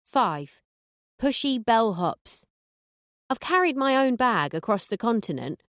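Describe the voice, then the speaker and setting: A woman reading a first-person audiobook in a dry, sardonic, deadpan way. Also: on the high side, a little slow, no echo. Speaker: audiobook narrator.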